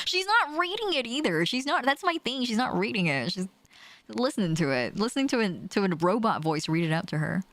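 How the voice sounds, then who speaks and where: A woman's voice: medium pitch, no room sound. A young woman streaming from a small home room, chatting casually with her viewers, laughing often and swearing freely. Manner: animated, swears casually, laughs often, reads chat aloud. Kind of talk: casual chat with live chat while gaming.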